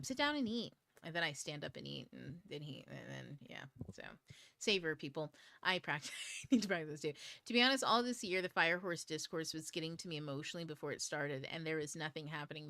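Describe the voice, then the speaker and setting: A woman's voice: lowish voice, no room sound. A woman hosting a book club livestream, chatting casually to her viewers, swearing freely and laughing as she rambles. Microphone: camera mic on a DSLR.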